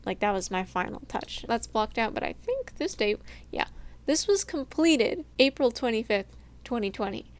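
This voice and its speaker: A woman's voice: on the high side, clear, resonant tone. A young woman casually narrating a tour of her game build, chatty and self-deprecating, laughing often and sounding a little sleepy. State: sleepy, yawning. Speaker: gaming channel host. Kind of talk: casual game walkthrough voice-over.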